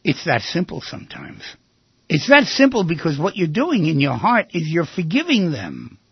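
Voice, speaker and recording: An older man hosting a radio advice show, talking in an animated way and acting out little scenes in other voices. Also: a little high, normal speed, gravelly, husky, dry recording, highs cut off.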